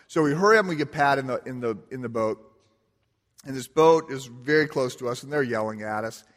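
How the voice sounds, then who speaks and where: A pastor preaching a sermon, with conversational storytelling and self-deprecating humor. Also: male voice, medium pitch, fairly quick, a bit bright. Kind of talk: sermon opening with a personal story. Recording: long reverb of a large hall.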